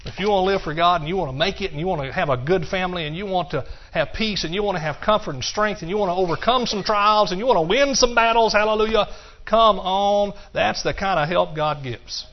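A man's voice: high voice, fast talker, few pauses, a little hiss or hum. A man preaching a sermon in a church, building up with cries of hallelujah. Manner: emphatic preaching, shouts of hallelujah. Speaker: pastor. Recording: muffled lo-fi sermon recording.

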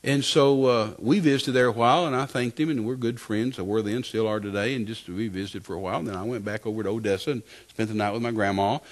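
An older man from West Texas, preaching and telling his testimony as a lively story, often repeating phrases. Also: lowish voice, fast, few pauses. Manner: animated storytelling, repeats phrases, acts out quotes. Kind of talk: sermon testimony.

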